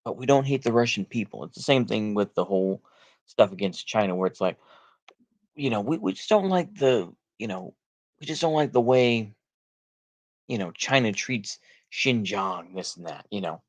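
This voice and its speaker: A man's voice: on the low side, lively intonation, normal speed. A man with a Texan accent giving a casual political monologue, blunt and sarcastic, rambling with lots of fillers and repeated "like I say.". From United States. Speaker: political commentary vlogger.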